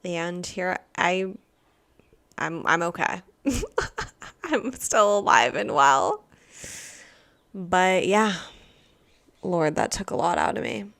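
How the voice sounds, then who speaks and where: A young woman hosting a podcast, telling a story in a rambling, animated way, full of "like" fillers and swearing, acting out what people said. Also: lowish voice, takes it slowly, gravelly, pauses often. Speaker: podcast host. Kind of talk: casual storytelling monologue.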